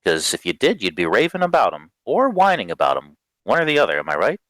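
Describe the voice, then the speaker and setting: A man's voice: lowish voice, huge pitch swings, fast talker, fairly bright tone, no room sound, pitched above the performer's own voice. A man voicing a weary middle-aged woman innkeeper who makes dry, patient remarks. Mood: teasing.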